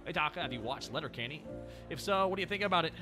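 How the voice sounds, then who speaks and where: A streamer, a man, chats with his audience in a bouncy, animated way, swinging his voice up and down as he jokes. His voice sits a bit high for a man, and music plays steadily behind him. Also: fast. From Canada. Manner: animated, joking, riffs with chat. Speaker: VTuber streamer. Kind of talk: casual live-stream chat.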